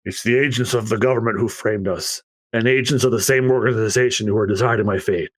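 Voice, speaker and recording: A man voicing a grave, sorrowful old fishman shipwright in a low-pitched manga read-aloud. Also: steady tone, fast talker, dry recording, natural voice.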